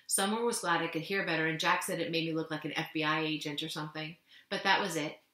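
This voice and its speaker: A woman reads a novel aloud with expressive, clear storytelling. Her voice is bright and forceful, a little low in pitch, and the room adds noticeable echo. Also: fast. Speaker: teacher reading aloud. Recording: echoey room.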